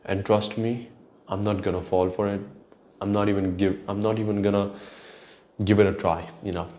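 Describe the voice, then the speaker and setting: A man's voice: lowish voice, flat delivery, moderate pace, warm tone. A man hosting his own solo show, ranting in an exasperated, profane way. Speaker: podcast host. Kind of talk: solo rant.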